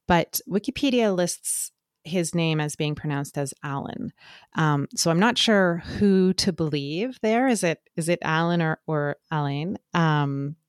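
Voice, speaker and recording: A woman co-hosting a podcast, speaking thoughtfully and pausing often with fillers. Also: fairly low pitch, clean tone, no room sound, clean studio sound. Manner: thoughtful, hesitant with many fillers. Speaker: podcast co-host. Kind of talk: casual chat.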